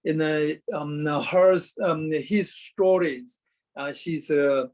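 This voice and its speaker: A Tibetan-accented man in his fifties recounts his experience in an interview. His speech is slightly raised in pitch and comes slowly, broken by frequent hesitations and fillers as he searches for words in English, his second language after Tibetan. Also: a little mellow. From Kham, Tibet. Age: 50s. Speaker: Buddhist lama telling his story. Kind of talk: halting interview storytelling.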